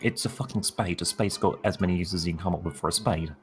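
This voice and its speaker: A man's voice: low-pitched, fast, soft background music. A man on a group video call, talking in a blunt, wry way and swearing freely.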